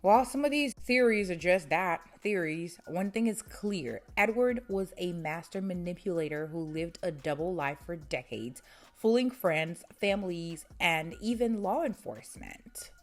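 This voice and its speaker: A woman's voice: lowish voice, expressive, unhurried, faint music behind. Indignant young woman telling a true crime story. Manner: indignant, exclaiming commentary. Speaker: true crime channel host.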